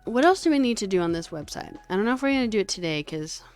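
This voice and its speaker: A woman streamer chatting casually with her viewers while coding, animated and chatty, with lots of fillers and some swearing. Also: medium pitch, very fast, smooth, soft background music. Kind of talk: casual livestream chat with viewers.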